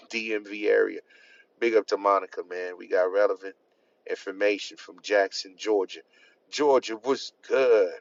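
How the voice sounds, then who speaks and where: A man hosting a live stream, calling out viewers' hometowns with casual slang shout-outs. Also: on the low side. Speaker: host. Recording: lo-fi dull sound.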